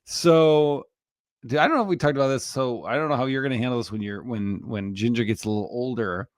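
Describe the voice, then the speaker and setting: A man's voice: medium pitch, brisk, dry recording, studio quality. A man in his thirties co-hosting a podcast, telling rambling anecdotes full of fillers. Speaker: podcast co-host. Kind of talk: casual chat.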